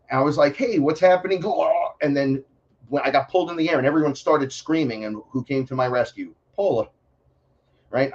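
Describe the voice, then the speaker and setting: A male interview guest tells his stories with excitable energy and a lot of swearing, acting out the other voices. His voice sits in an ordinary middle range. The recording sounds dull and lo-fi. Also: mid-range voice. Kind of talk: animated storytelling. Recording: dull lo-fi audio.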